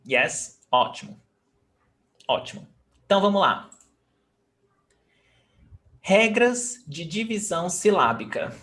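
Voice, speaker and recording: Brief: male teacher, slightly high voice, slow, patient, spells and repeats. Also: very animated, a bit bright. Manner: patient, repeats words slowly and spells letters out. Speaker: Portuguese teacher. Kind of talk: online language lesson.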